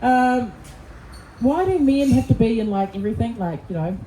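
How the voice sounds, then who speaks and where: Deadpan Kiwi woman comic in a club. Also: fairly high pitch, moderate pace. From New Zealand. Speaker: stand-up comedian. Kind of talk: stand-up set and panel chat. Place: comedy club. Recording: echoey club with background noise.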